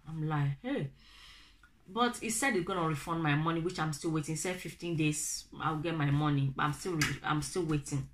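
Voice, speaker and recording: Young Nigerian woman vlogger, Nigerian accent, low-pitched, animated storyteller, faint noise behind. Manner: animated, acts out quoted family members in raised voices. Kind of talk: casual storytelling to camera.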